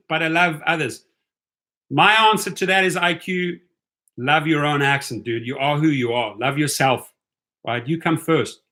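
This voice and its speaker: Bright-voiced man chatting on a livestream. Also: mid-range voice. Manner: chatty, keeps asking "right?". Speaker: rideshare channel host. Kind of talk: casual livestream chat with viewers.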